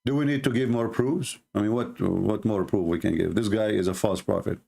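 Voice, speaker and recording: A native Arabic speaker with an Arabic accent hosts a live debate show, arguing emphatically with repeated phrases and deliberate slowdowns for emphasis. His voice is fairly low and warm in tone, with vocal fry.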